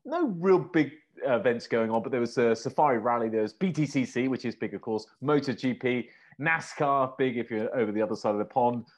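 A man hosting a motorsport podcast, chatty and quick to laugh. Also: medium pitch. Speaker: podcast host. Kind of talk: casual chat.

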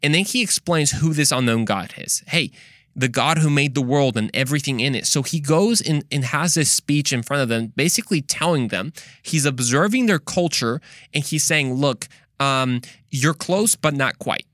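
A man's voice: a little high, animated, normal speed, a bit bright, dry recording, clean studio sound. Earnest man preaching on a podcast. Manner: earnest, conversational, preachy with playful asides. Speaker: podcast host. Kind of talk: faith podcast monologue.

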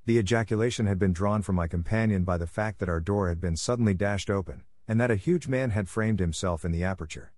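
A man reading a classic story aloud as a steady, measured audiobook narrator. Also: deep voice, no room sound, studio quality. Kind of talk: scripted narration.

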